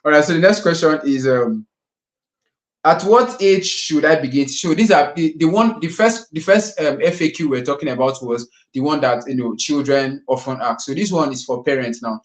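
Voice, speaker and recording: A man's voice: a little high, normal speed, reverberant, poor audio. A man hosting a live session in a studio, chatty and casual, with lots of fillers and frequent laughter. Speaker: host of a live kids' finance session.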